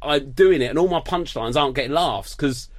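A man's voice: medium pitch, brisk, no room sound. A man, a comedian, telling a rambling, self-mocking story in casual chat.

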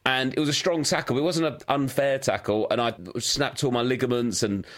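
A man's voice: medium pitch, fairly even intonation, a little fast, fairly bright tone. Chatty sympathetic male co-host. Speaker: podcast co-host. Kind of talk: casual chat.

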